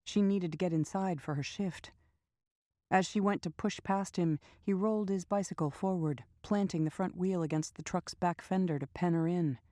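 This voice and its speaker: Narrating an audiobook, a woman keeps a steady, measured storytelling manner at a fairly low pitch. The studio sound is clean, without echo.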